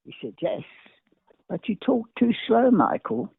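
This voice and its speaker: A man's voice: high-pitched, sing-song, vocal fry, husky, no room sound. An older man from England telling stories at speed, jumping from one tale to the next and tripping over his own words. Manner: talks very fast, jumps between stories, stumbles and restarts. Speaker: guest. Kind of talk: animated anecdotal storytelling. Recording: dry, tinny phone-like line.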